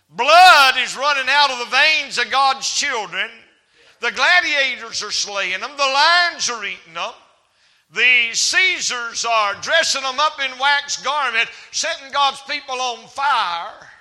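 Male evangelist, very high bright voice, folksy sermon delivery, church hall reverb. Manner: folksy preaching with humor and rising emphasis. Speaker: evangelist preacher.

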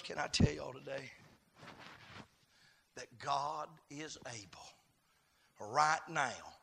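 A man preaching a sermon, swinging from quiet murmurs to shouted, chanted climaxes. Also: on the high side, gravelly, husky.

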